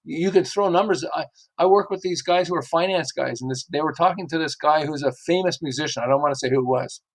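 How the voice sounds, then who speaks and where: A man's voice: fairly high pitch, quick pace. A middle-aged man, a marketing expert guest, chatting casually and acting out quotes as he tells stories. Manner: animated storyteller who acts out quotes. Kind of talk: casual interview chat.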